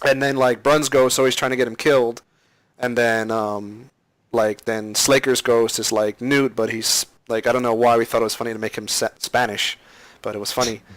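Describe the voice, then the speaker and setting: A man hosting a casual podcast, rambling with many fillers and getting animated when he tells a story. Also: medium pitch, moderate pace, no room sound, poor audio. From Florida. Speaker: podcast host, machinima creator. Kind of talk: casual chat.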